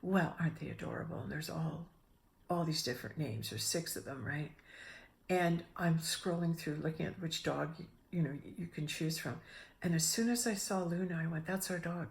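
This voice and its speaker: A middle-aged woman giving a casual spiritual talk, telling a personal story with lively restarts and acted-out inner voices. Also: deep voice, normal speed, vocal fry. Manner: animated, restarts often, acts out her own inner voices. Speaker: spiritual speaker.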